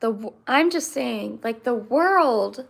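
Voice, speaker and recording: A woman in her twenties hosting a livestream, chatting with viewers and answering them with many pauses and fillers. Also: on the high side, animated, creaky. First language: English. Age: 20s. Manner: hesitant, many fillers and restarts. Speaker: livestream host.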